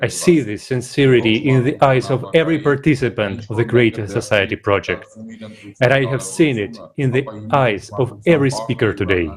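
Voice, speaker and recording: Guy giving an earnest conference speech, crowd noise clear in the back. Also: mid-range voice, normal speed. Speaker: conference speaker. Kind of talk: formal speech. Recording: speech over audible crowd.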